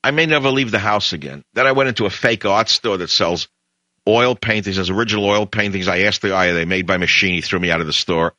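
A man's voice: fast, sharp tone, no room sound, highs cut off. An older man, hosting a talk show in a rambling, digressive storytelling monologue. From Brooklyn, New York. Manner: digressive storyteller, jumps between tangents with sudden pitch leaps.

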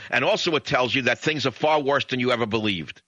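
A man's voice: medium pitch, a little fast, sharp tone, no echo, muffled recording. A man hosting a talk radio show, delivering a combative monologue in bombastic bursts. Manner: bombastic, rising to emphatic peaks.

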